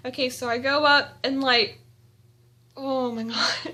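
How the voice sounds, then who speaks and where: A young woman vlogging at home, telling an excited story with giggles and gushing fangirl energy. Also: high voice, unhurried, long pauses. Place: indoors at home.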